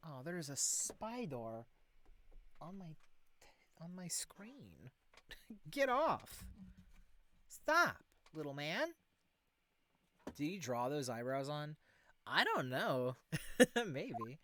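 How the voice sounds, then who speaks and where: Male let's-play streamer, chatty and laughing, animated delivery, music under him. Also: a little high, takes it slowly, pauses often. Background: game music.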